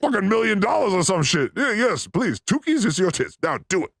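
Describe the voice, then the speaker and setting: A man hosting a podcast, trading crude jokes and playful riffs, swinging between loud bursts and mutters. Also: high-pitched, sing-song, fairly quick, no echo, clean studio sound. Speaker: podcast host. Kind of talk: crude comedic riffing.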